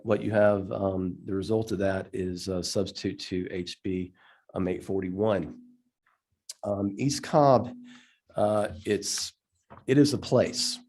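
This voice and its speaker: A man with a stuffy cold presenting his bill at a legislative hearing, halting with many ums and restarts. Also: on the low side, darkish tone. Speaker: state representative presenting a bill.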